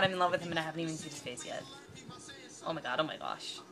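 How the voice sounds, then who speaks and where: A woman unboxing a model horse in a vlog, gushing and squealing with excitement. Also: sits low, a little fast, music in the background. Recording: noisy home camera audio.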